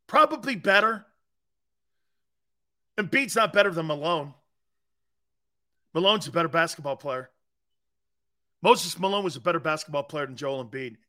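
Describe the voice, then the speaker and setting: A middle-aged man hosting a sports talk show, arguing his takes in an emphatic, opinionated way with little chuckles. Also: high-pitched. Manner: animated, emphatic, argumentative with chuckles.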